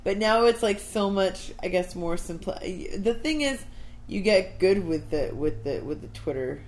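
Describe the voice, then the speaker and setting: A woman's voice: mid-range voice, measured pace, rough recording. A woman in her twenties chatting casually on a podcast, telling stories full of "like" asides. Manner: animated storyteller, fillers like "like". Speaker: podcast co-host. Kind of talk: casual chat. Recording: faint background noise.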